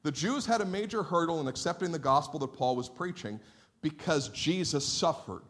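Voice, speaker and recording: A man preaching a sermon as a pastor, in a lively, conversational way that plays out what listeners might say. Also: on the high side, normal speed. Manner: animated, conversational preaching with mock-quoted listeners. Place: church sanctuary.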